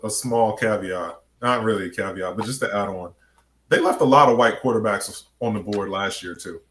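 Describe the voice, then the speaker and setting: A man joining a casual sports podcast chat and adding calm qualifying remarks. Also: on the low side, moderate pace. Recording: roomy echo, faint noise.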